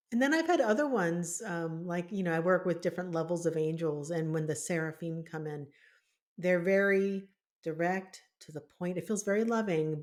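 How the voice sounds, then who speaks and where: Brief: storytelling woman podcast co-host, lowish pitch, lively and laughing. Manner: animated storytelling with frequent laughs. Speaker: podcast co-host, spiritual healer. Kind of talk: casual conversational chat.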